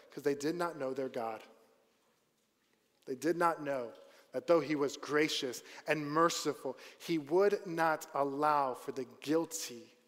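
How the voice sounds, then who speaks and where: A man preaching a sermon, asking his listeners questions and slowing down to a quiet voice to stress key points. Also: sits high. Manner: asks the congregation questions, slows and quiets for emphasis. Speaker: pastor. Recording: long hall reverb.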